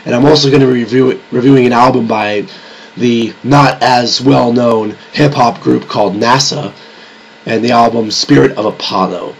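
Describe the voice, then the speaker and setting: A man's voice: medium pitch, normal speed, vocal fry, a little hiss or hum, poor audio. A young man with a slightly sick voice, reviewing games and albums in a rambling, casual way and restarting his sentences often. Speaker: YouTube reviewer.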